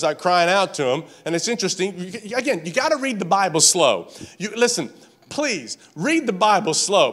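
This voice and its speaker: A man preaching a sermon, passionate and repetitive, building to shouts. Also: sits high. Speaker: pastor.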